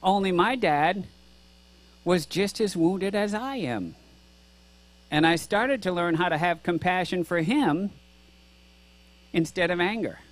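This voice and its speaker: A middle-aged man preaches from the pulpit in a high voice, earnest and conversational, firing off rhetorical questions and acting out both sides of imagined exchanges. A low mains hum sits under the recording. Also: slow, pauses often. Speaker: pastor. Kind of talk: sermon. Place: church sanctuary.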